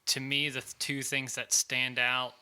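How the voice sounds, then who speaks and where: A young man hosts a casual interview with a very bright, crisp tone and a smooth, clear voice. He talks in an easygoing, encouraging way, full of fillers. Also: medium pitch, monotone, unhurried. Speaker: podcast host.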